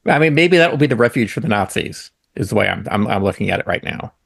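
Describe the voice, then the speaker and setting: A man co-hosting a podcast, talking in a halting, stammering, quiet way in casual chat. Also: fairly low pitch, expressive, vocal fry, slightly rough, dry recording, clean studio sound. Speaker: podcast co-host.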